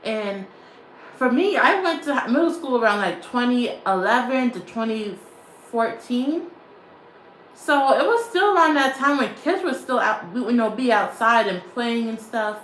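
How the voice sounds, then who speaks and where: A woman's voice: fairly high pitch, animated, a little slow, a bit bright, roomy sound, a little hiss or hum, poor audio. A woman vlogger chatting casually to her stream, rambling and repeating herself, laughing often. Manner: rambling and repetitive, often restating phrases; laughs often while talking. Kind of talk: casual livestream chat.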